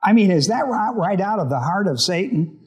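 A man's voice: high-pitched, lively intonation, normal speed, slightly rough. Man preaching, breaking off to quiz hearers. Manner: reads scripture and breaks off with questions to the congregation. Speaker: pastor. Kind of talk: Bible study sermon.

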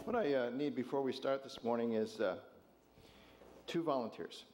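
A man's voice: mid-range voice, normal speed, over music. A man pastor leading an interactive sermon with volunteers, jovial and chuckling as he asks the congregation questions.

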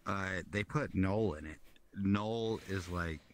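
A man's voice: low-pitched, takes it slowly. A man chatting casually in a social VR hangout, rambling and swearing often while he has a drink. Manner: rambling, swears often, talks about comics. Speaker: streamer hanging out in social VR. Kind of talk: casual chat.

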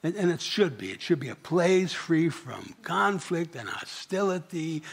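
Husky, high-voiced preacher man. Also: sing-song, unhurried, hardly any pauses. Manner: conversational, asks the congregation questions. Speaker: pastor. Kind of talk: sermon. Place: church.

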